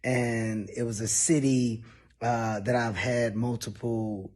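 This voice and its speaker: A man telling a comedic personal story in a loud, animated, profane way. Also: medium pitch, takes it slowly. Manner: animated, profane, shouts when acting out quotes.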